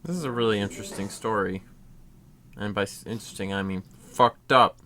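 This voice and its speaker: A man's voice: fairly low pitch, brisk, bright, forceful tone. A young man co-hosting a let's-play, chatting casually and joking crudely while playing. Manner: joking, crude, jumping to funny voices. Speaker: co-host of a let's-play channel. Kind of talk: casual gameplay chat.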